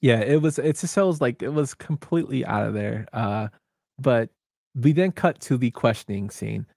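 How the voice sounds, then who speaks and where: A man's voice: mid-range voice, normal speed, gravelly, a little mellow, no echo, studio quality. A man co-hosting a casual film podcast, animatedly retelling scenes and acting out the dialogue. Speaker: podcast co-host. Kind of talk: casual movie discussion.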